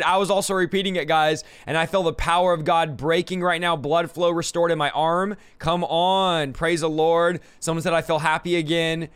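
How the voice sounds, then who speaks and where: Man host excitedly reading viewer comments. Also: fairly high pitch, clean tone, no echo. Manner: quick, excited listing. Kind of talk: live stream, reading comments aloud.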